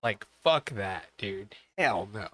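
A man's voice: on the low side, animated, slow pace, fairly bright tone, no room sound. A man on a casual podcast, cursing freely and laughing as he rambles through stories. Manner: profane, rambling storyteller who laughs often. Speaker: podcast co-host. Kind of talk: casual chat.

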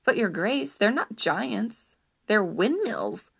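A woman voicing a simple, worried peasant squire in a storybook reading, pleading and urgent, rising to shouts. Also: fairly high pitch, lively intonation, slow, creaky, husky, full character voice. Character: simple anxious peasant squire, earthy and practical.

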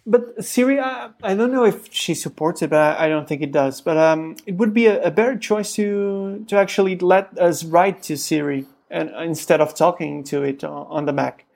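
A podcast co-host in their thirties in casual tech chat, often pausing and repeating words while thinking. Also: mid-range voice, creaky, darkish tone. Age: 30s.

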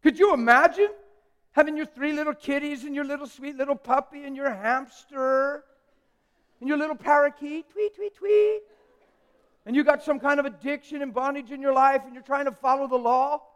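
A man preaching a live sermon in a church hall, emphatic and joking with the congregation, swinging from hushed asides to loud declarations. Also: very high voice, fairly even intonation, a little fast. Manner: jokes with the congregation.

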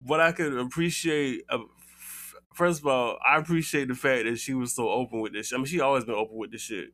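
A man's voice: medium pitch, fairly even intonation, a little fast, a bit bright. A man co-hosting a podcast in casual chat, rambling with restarts and comic asides. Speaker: podcast co-host.

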